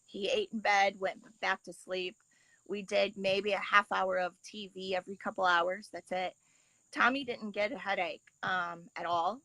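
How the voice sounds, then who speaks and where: A woman who is a guest on a casual call, calmly explaining her son's treatment in a plain, matter-of-fact way. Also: mid-range voice, moderate pace, dry recording, low-quality recording. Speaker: guest, mother of a patient. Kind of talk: casual video-call interview.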